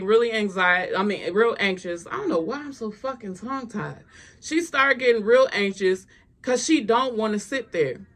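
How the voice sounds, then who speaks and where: A woman's voice: fairly high pitch, fairly bright tone. A woman giving casual gossip commentary, blunt and exasperated, and swearing freely.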